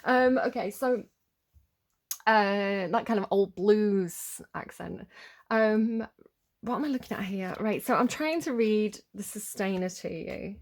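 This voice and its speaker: A woman giving a casual tarot reading who rambles, gets easily distracted and often apologizes, then reads card text aloud more slowly between her asides. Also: mid-range voice. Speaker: tarot reader.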